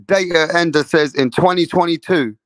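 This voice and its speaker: A man's fairly high voice, loose and profane, hyping up his chat on a boxing livestream. The sound is dry and close, with little room in it. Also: moderate pace, dry recording. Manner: loose, profane, hypes up chat with shout-outs. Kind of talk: casual livestream chat reading comments.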